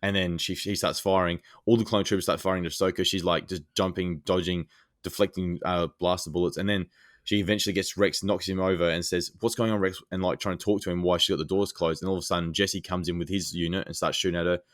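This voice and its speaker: A man's voice: sits low, quick pace, no room sound, studio quality. A man co-hosting a podcast, eagerly retelling scenes in casual chat with lots of fillers. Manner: excited, rambling scene retelling with many fillers. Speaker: podcast co-host.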